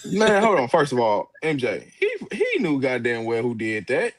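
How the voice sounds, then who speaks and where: A man's voice: mid-range voice, very animated, normal speed, no echo. A man co-hosting a sports podcast, trash-talking rival fans in a brash, slangy way. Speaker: podcast co-host. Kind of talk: casual sports talk.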